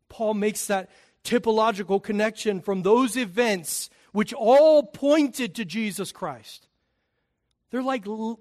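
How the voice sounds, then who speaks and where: A man preaching a sermon, emphatic, swelling loud on key phrases and dropping low and quiet between them.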